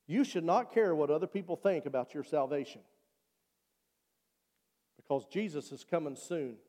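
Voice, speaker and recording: A man's voice: fairly high pitch, lively intonation, normal speed, warm tone. A male pastor preaching a sermon and leading an altar call, earnest and repeating his appeals. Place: church sanctuary. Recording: long church reverb.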